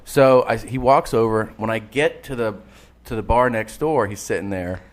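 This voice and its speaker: Podcast co-host, male, low-pitched, loose profane storyteller. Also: normal speed. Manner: animated anecdote teller, swears, laughs often. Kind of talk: casual storytelling chat.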